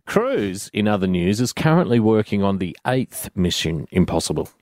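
A man's voice: fairly low pitch, sing-song, normal speed, a little mellow, dry recording, studio quality. A man, hosting a radio show in casual, joking banter. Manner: joking, chatty. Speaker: radio host.

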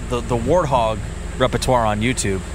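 A man working as radio producer, joining the studio banter with lively, quick reactions. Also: medium pitch, noisy background. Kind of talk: casual sports radio banter.

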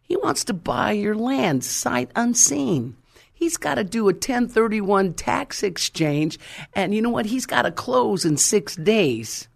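A man's voice: sits high, very animated, slow, gravelly, pitched above the performer's own voice, heavily acted. A woman voicing a skeptical, blunt male real estate agent in a spoken testimony, matter-of-fact and dismissive. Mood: excited.

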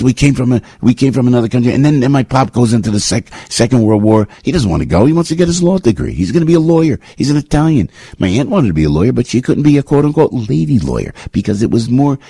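An older man hosting a morning talk radio show, telling rambling, emphatic stories that climb high when he gets worked up, on a close studio mic. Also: warm tone, breathy edge, dry recording. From New Jersey.

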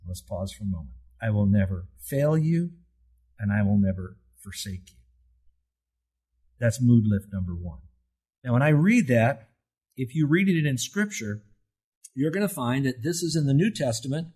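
A man's voice: mid-range voice, expressive, moderate pace, pauses often, a little mellow, breathy edge. A middle-aged male pastor delivering an earnest, conversational sermon that builds to rising emphasis.

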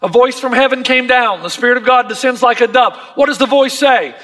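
High-voiced, bright preaching man. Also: brisk, in a large hall. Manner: impassioned, emphatic preaching. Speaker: pastor. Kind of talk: sermon.

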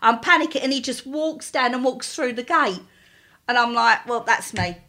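A middle-aged woman, a co-host in casual chat, telling a lively story and acting out the voices in it. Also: sits high, normal speed. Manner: animated storyteller, acts out quoted voices.

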